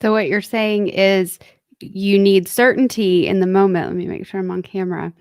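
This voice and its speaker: A woman's voice: mid-range voice, steady tone, moderate pace, a little mellow, dry recording, studio quality. A woman co-hosting a talk show, speaking casually and summing up and affirming her co-host's points. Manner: reflective, sums up and affirms what the other speaker said. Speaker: co-host.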